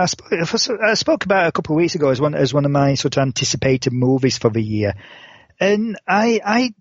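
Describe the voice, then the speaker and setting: A man in his forties chats loosely as a podcast co-host, circling his point with lots of restarts and "sort of". His humor runs dry and sarcastic. The voice sits a bit high, the sound is dull and lo-fi, and the room is dead dry. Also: no echo. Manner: rambling with many restarts and "sort of" fillers. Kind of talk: casual chat.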